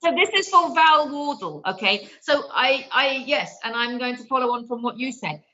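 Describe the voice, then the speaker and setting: A woman's voice: high voice, animated, normal speed, pushed and bright, highs cut off. A woman giving card readings on a live online show, earnest and reassuring. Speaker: card reader guest.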